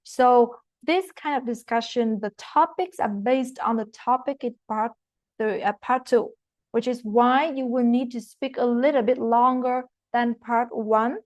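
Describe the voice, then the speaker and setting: High-voiced woman teaching, non-native accent. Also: steady tone, a little slow, a little mellow, dry recording. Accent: non-native English. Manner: explanatory, frequent "okay?" check-ins and fillers. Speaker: IELTS teacher. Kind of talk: online masterclass lecture. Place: recorded online class.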